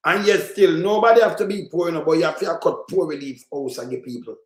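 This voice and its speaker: High-voiced Jamaican man ranting angrily. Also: quick pace, reverberant. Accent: Jamaican Patois. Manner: heated, profane, scolding rant. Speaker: political commentator. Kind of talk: reaction commentary on played clips.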